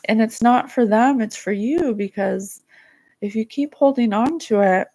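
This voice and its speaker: A woman hosting a psychic show, giving spiritual guidance in a soft, earnest, emotional way. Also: a little high, a little slow. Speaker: psychic podcast host. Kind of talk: spiritual guidance talk, reading viewer comments.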